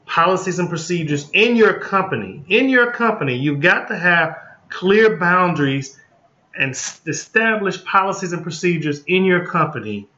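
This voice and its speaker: The speaker, a group home licensing consultant, has a high voice that comes across pushed and bright. Giving an informal training talk, he's blunt and folksy, repeating things and asking "okay?" to make sure people follow. The recording has an echoey, slightly muffled room sound.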